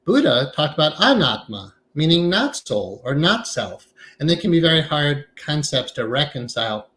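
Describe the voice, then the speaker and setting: A man giving a conversational lecture on meditation to a class, talking in a relaxed, reflective way with some fillers. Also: fairly high pitch, normal speed, poor audio. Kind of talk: casual lecture.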